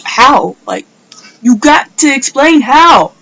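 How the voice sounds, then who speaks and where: Woman, higher-pitched voice, unhurried delivery, rambling casual storytelling, filler words. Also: expressive, gravelly, a bit bright, poor audio. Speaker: vlogger.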